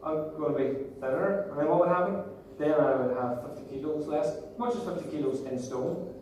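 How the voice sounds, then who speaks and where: Brisk and warm in tone, with a voice on the high side, a Northern Irish man in his thirties delivers a jokey, playful motivational seminar talk and directs the crowd. Background noise and the echo of a large hall come through, as the mic is far off.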